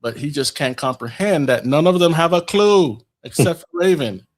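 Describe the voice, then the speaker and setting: A man's voice: fairly high pitch, lively intonation, normal speed. A man hosting a podcast, talking casually through a film's plot and reading out its dialogue in his own voice, with many fillers. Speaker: podcast host. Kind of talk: casual film commentary, reading out scenes.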